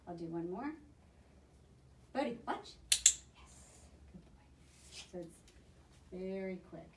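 A woman dog trainer giving brisk, encouraging hands-on coaching to a student. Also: lowish voice, expressive, very noisy. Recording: echoey room, mic at a distance.

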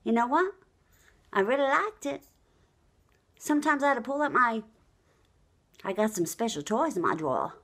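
Woman, middle-aged, gossipy comic monologue, brash, highish voice, very animated pitch. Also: moderate pace, long pauses. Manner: brash, gossipy, swings pitch up for outraged questions. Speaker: vlogger telling the news. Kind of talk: chatty comic monologue to camera.

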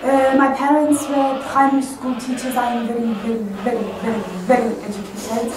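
A woman's voice: a little high, flat delivery, distant mic, noisy background, lightly acted. A young woman student playing a boastful young male Russian revolutionary in a classroom role-play, with a put-on French accent. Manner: boastful, halting, laughing at herself. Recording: echoey classroom from afar with music.

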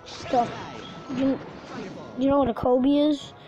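A woman's voice: sits high, flat delivery, slow. A woman hosting her own gaming channel, giving rambling, filler-heavy, crude, joking let's-play commentary. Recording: dull lo-fi recording with faint music.

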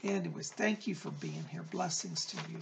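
A man's voice: on the high side, normal speed, vocal fry, noisy background. A man hosting his own psychic show, chatting effusively to viewers and calling them by pet names. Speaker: psychic medium, show host. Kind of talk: casual chat to viewers.

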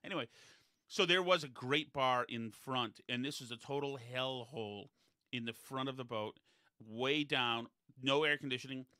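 A man's voice: mid-range voice, moderate pace, sharp tone, smooth, dry recording, clean studio sound. A man in casual podcast chat, telling digressive, chatty anecdotes.

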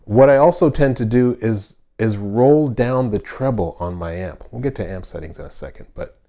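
A man hosting his own channel, giving a casual, friendly bass lesson with fillers and asides from a home studio. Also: moderate pace, warm tone. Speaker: bass teacher and channel host. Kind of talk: casual instructional talk.

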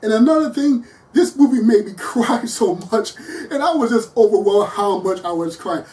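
A movie reviewer talking through a film in a casual, earnest way, often laughing mid-sentence and pausing on fillers while thinking aloud. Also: mid-range voice, expressive, darkish tone, far from the mic, rough recording. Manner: chatty and earnest, laughs often between words.

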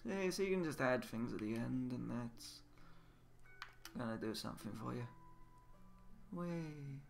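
A man teaching Japanese words slowly and repeating each one for learners over a game video. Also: medium pitch, expressive, gravelly, soft background music. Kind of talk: casual game-based lesson.

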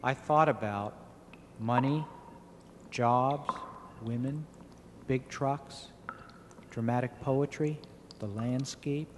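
A young man narrating his own poem in a measured, deliberate recitation. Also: mid-range voice. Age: young adult. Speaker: poet narrator. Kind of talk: spoken poetry narration. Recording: echoey with steady background noise.

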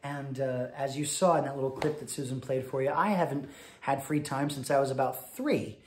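A man, a cabaret singer, giving chatty stage patter between songs and telling a story quickly, with many fillers. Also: mid-range voice, slight background noise. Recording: roomy sound over loud piano.

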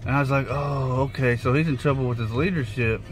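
A man telling a rideshare story in a casual vlog, animated and swearing freely as he acts out the quotes. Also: mid-range voice, fairly quick, faint music behind. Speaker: rideshare driver vlogger.

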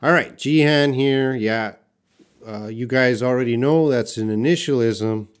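A man teaching a live online English writing lesson, reading example sentences aloud and quizzing viewers in a patient, unhurried way. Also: medium pitch, smooth.

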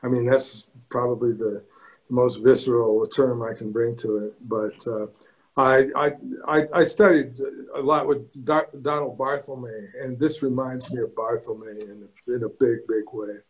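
A man's voice: medium pitch, fairly even intonation, poor audio. Hesitant man reacting after a reading. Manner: hesitant, halting. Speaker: reading series host.

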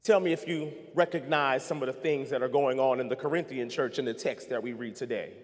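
A man preaching a sermon as pastor, calling on the congregation to respond and swinging between soft passages and rising intensity. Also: mid-range voice, brisk, big-room sound. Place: church sanctuary.

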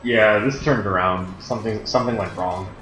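A young man playing a video game and commentating, loud and profane, breaking into high yells when things go wrong. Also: moderate pace. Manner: loud, swearing, bursts into high-pitched yells. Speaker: gamer. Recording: roomy dull home recording.

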